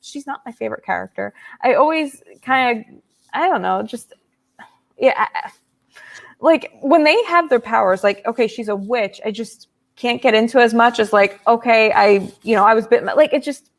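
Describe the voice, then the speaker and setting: High, gravelly-voiced woman chatting. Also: moderate pace. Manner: hesitant, lots of fillers and restarts. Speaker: podcast guest. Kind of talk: casual chat.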